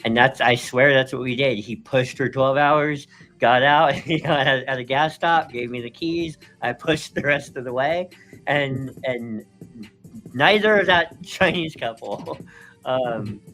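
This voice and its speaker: A man's voice: mid-range voice, unhurried, bright, forceful tone, soft background music. A man co-hosting a live stream, telling a story casually and animatedly, laughing between phrases and leaning on fillers. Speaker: co-host.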